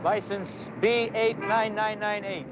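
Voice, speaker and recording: Stern, lecturing detective; vintage TV cop show. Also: male voice, sits high, flat delivery, slow pace, noisy background. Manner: firm, lecturing. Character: stern male police detective. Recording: old TV drama with music behind.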